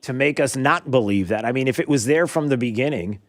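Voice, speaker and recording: A man hosting a talk radio show, taking callers with sarcastic, mock-exasperated remarks. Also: a little fast. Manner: sarcastic, mock-exasperated, jumps up in pitch for emphasis.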